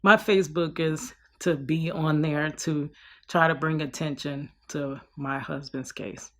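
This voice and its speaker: A woman's voice: sits low, fairly even intonation, measured pace, a bit bright. A young woman talking in a personal vlog, weary and heartfelt, trailing off and restarting as she speaks. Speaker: vlogger.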